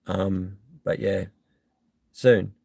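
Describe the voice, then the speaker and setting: A man's voice: deep voice, fairly even intonation, drawn-out words, gravelly, darkish tone, dry recording. An Australian man hosting a live stream, chatting casually and bluntly as he reads out and answers viewer comments, with lots of ums.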